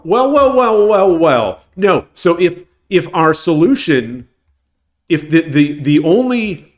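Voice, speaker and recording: A man with a head cold and a congested voice, streaming live and thinking aloud as he works through board-game puzzles in a hesitant, self-correcting mutter. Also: on the high side. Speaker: shogi streamer.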